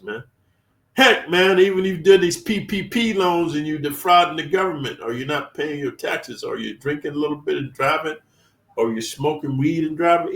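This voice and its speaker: A man's voice: a little high, fairly bright tone. A man hosting his own channel, ranting emphatically with profane street talk as he tells prison stories. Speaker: channel host sharing prison experience. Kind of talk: storytelling rant. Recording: roomy and distant from the mic.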